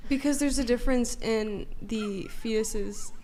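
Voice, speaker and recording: A woman's voice: a little high, unhurried, dark tone, slight background noise. A woman guest on a podcast panel, answering hesitantly, with lots of fillers and hedging. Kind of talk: casual debate answers.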